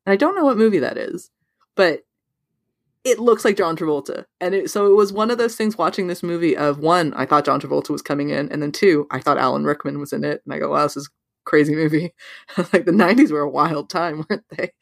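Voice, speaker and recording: Brief: animated woman co-host, casual chat, dry close recording, lively swoops up in pitch. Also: fast, gravelly, dry recording. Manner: animated, pitch leaps on quoted thoughts, many "like" fillers. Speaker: podcast co-host. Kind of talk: casual movie discussion.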